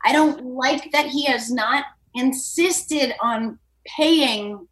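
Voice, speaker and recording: A woman speaks bluntly and wryly as a comedian guest. She talks in a high voice, giving advice to a caller in a relaxed podcast chat. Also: slow. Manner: blunt, wry.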